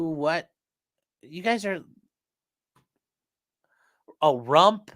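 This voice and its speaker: A man's voice: fairly high pitch, animated, takes it slowly, a bit bright. A man hosting a casual livestream, joking around and reading viewer comments aloud. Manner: jokey, rambling, reads viewer comments aloud. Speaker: livestream host reading chat.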